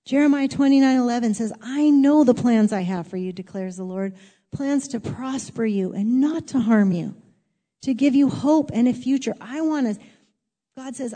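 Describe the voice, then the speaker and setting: A woman's voice: on the high side, normal speed, mellow, big-room sound. A woman preaching a sermon in an earnest, conversational way, rising to emphatic exhortation.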